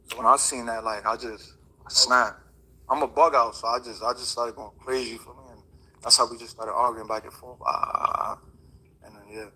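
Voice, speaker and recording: A man's voice: medium pitch, steady tone, moderate pace, bright, forceful tone, breathy edge, low-quality recording. A man, a boxer, telling a story in a casual, slangy, rambling way with many fillers. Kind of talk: casual interview chat.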